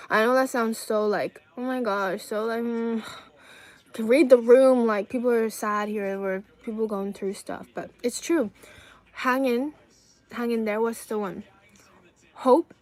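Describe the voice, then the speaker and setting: A woman's voice: fairly high pitch, a little mellow, low-quality recording. A young woman from China in a casual live-stream chat, talking in a chatty, rambling way and reading viewer comments aloud. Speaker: livestreamer.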